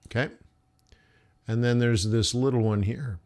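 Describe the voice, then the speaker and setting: Over his forex charts, the man thinks aloud at a leisurely, musing pace, talking to his stream's chat as "guys." His mid-range voice holds a steady, darkish tone.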